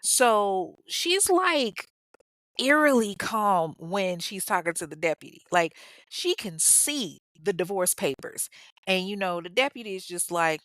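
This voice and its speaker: A woman's voice: mid-range voice, sing-song, unhurried, fairly bright tone, dry recording, clean studio sound. A woman podcast host telling a true-crime story casually, with sassy, profane, humorous asides.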